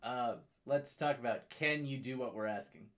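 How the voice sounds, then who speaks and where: Guy at the game table, mid pitch, talks straight and brisk. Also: fairly bright tone. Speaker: player. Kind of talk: casual tabletop game chat.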